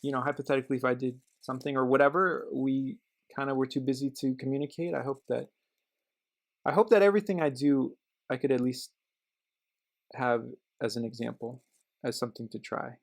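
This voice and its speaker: A middle-aged man vlogging about cars in casual chat, rambling and joking, then turning quiet and reflective. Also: medium pitch, steady tone, fairly quick, gravelly. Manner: rambling, self-interrupting, joking. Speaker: car vlogger.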